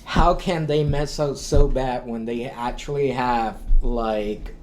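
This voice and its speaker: A man's voice: medium pitch, slow pace, a little hiss or hum. A man in a casual podcast chat, talking loosely with many fillers. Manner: relaxed, rambling, with many fillers.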